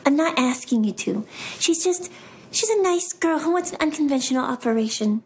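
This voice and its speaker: An actress playing a bubbly, uncanny woman, breathy and eager, in a film. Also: high voice, animated, normal speed, slight background noise.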